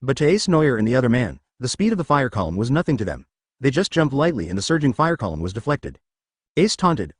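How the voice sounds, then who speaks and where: Lively, dry synthetic male storyteller. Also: mid-range voice, fairly quick, slightly rough, dry recording. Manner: reads censored words out as asterisks. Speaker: narrator. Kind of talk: synthetic audiobook narration.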